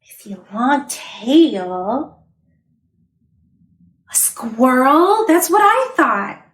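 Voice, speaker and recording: A woman librarian reading a picture book aloud to young children, asking them questions and making lively sound effects. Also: sits high, very slow, roomy sound.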